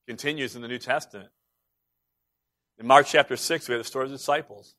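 A man preaching a sermon, emphatic, swinging between loud, urgent passages and hushed ones. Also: mid-range voice, fast talker, long pauses.

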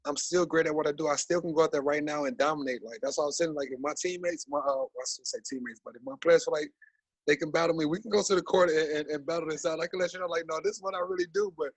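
A man in his thirties, a basketball coach guest on a podcast, talking in an animated, rambling way with many fillers. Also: on the high side, quick pace, breathy edge, dry recording, rough recording. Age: 30s. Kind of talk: casual podcast interview.

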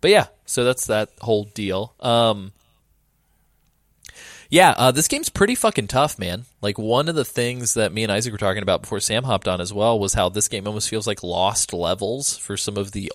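A man hosting a casual podcast chat about a video game, animated and swearing now and then. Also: on the low side, moderate pace, dry recording, clean studio sound. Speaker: podcast host. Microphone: home computer setup.

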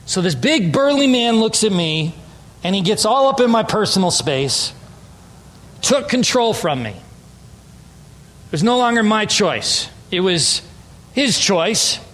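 A man's voice: sits high, big pitch swings, takes it slowly, long pauses, fairly bright tone. A man preaching an emphatic, story-driven sermon as a pastor. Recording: long hall reverb.

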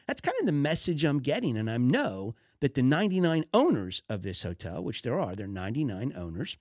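A man's voice: medium pitch, very animated, a little fast, hardly any pauses, darkish tone, dry recording, clean studio sound. A man hosting a business advice podcast, talking conversationally with fillers and restarts, exasperated about poor customer service. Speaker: podcast host.

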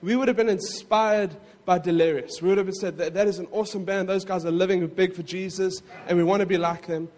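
A man preaching a sermon in a conversational way, with frequent asides to the congregation and quick self-corrections. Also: sits high, fairly even intonation, a little mellow, big-room sound. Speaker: pastor.

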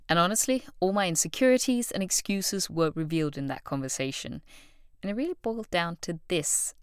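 A woman's voice: lowish voice, expressive, a little fast, clean tone, dry recording, studio quality. A woman hosting a solo motivational podcast, telling stories expressively and acting out the voices of people she quotes. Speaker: podcast host.

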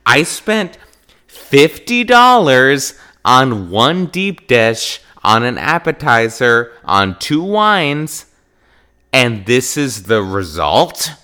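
A man from Wisconsin hosting a podcast, talking in an animated, emphatic casual monologue and acting out quoted exchanges. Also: medium pitch. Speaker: podcast host.

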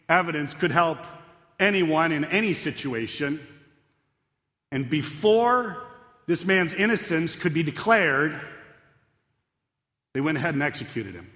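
A male pastor delivers an earnest chapel sermon, pressing hard on key words and then dropping low into prayer. His voice is bright and forward. It rings out with a long reverb through a large hall. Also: big pitch swings, a little slow, pauses often. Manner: earnest, swings between emphatic and hushed.

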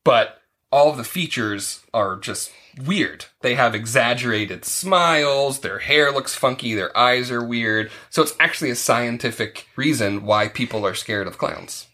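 A man's voice: mid-range voice, lively intonation, measured pace, pushed and bright. A man hosting a casual podcast, asking a child questions and explaining things plainly. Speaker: podcast host interviewing a child. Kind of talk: casual chat.

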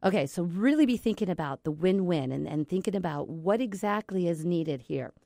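Gravelly, low-voiced woman teaching casually. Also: expressive, brisk, dark tone, no echo, clean studio sound. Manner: chatty, rambling, with many fillers. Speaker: negotiation trainer. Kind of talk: casual instructional talk.

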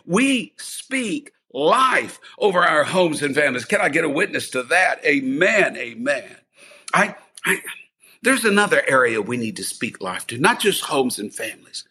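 A man's voice: on the high side, sing-song, measured pace, pushed and bright, breathy edge. A male pastor preaching a fervent sermon with repeated refrains and calls to the congregation.

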